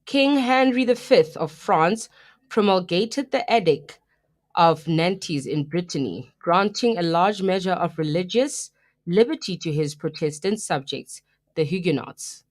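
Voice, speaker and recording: A young South African woman co-hosting a live radio show, chatting and telling stories in a lively, casual way. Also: lowish voice, measured pace. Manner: chatty, animated storytelling, mixing in local phrases. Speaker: radio co-host.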